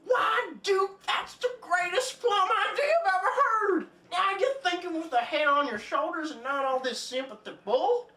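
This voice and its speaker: A young woman in an amateur student play voicing a scheming old con-man king who talks in a loud, boisterous bluster. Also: very high-pitched, moderate pace, few pauses, pitched above the performer's own voice. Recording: distant mic with faint background noise.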